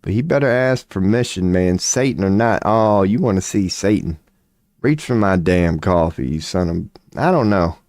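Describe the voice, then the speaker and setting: Deep and darkish in tone, this man's voice is expressive and runs at normal speed as he riffs profanely on a home webcam stream. It's rambling casual stream talk full of loose jokes and silly voices, captured on a webcam mic with no echo.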